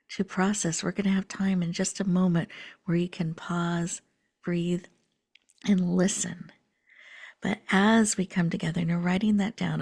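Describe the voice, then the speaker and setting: A woman host leads a guided breathing meditation, her low voice soft and unhurried. She often slips into breathy half-whispers, and a gravelly edge runs through her tone.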